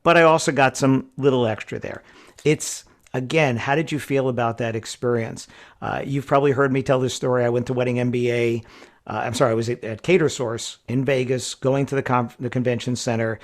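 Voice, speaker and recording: A man's voice: medium pitch, steady tone, brisk. A man hosting a podcast, telling stories in a chatty way and often checking in with "right?". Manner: chatty storyteller who keeps checking in with "right?". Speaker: podcast host. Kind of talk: conversational podcast storytelling.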